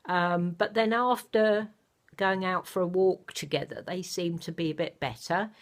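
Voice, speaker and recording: Older woman, low voice, chatty vlog, soft-spoken, rambling, home camera mic. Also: steady tone, a little slow. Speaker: vlogger. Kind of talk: casual chat to camera. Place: home, indoors.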